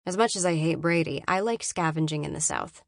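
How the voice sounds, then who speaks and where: A woman reading a novel aloud in first person, measured and often hushed and inward. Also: deep voice, creaky, dry recording, studio quality. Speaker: audiobook narrator.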